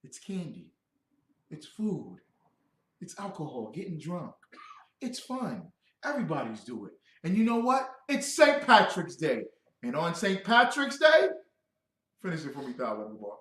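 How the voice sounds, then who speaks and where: A man giving a loud, joking scripture lesson who quizzes his listeners. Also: fairly high pitch, wildly swooping pitch, measured pace, echoey room. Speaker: scripture teacher. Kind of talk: animated scripture breakdown.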